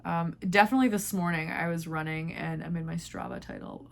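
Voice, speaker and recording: A woman's voice: fairly low pitch, steady tone, fairly quick, vocal fry. A woman hosting a knitting vlog, chatting casually and rambling with lots of filler words. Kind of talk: casual chat.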